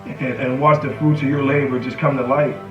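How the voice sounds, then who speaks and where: A man's voice: medium pitch, flat delivery, a little fast, music in the background. Man, motivational speaker, casual talk, keeps saying "right?", roomy echo, dull lo-fi sound. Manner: conversational, repeats "right?" and "you know". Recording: echoey room, distant mic, dull sound.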